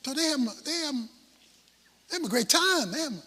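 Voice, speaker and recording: A man preaching a sermon, dramatic, swinging from shouts to hushed asides. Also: very high voice, animated, normal speed, long reverb tail.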